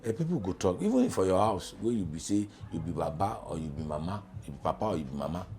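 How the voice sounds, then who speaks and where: A middle-aged man with a Nigerian accent, a journalism lecturer talking as a studio guest in pidgin, animated and emphatic. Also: low-pitched, fast talker, a little hiss or hum. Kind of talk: studio talk show in pidgin.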